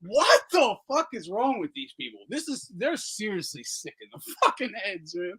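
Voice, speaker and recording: A man hosting a boxing talk podcast in a loud, profane, mocking chat. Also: high voice, big pitch swings, moderate pace, breathy edge. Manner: loud, profane, laughing mockery. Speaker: podcast host. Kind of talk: casual chat.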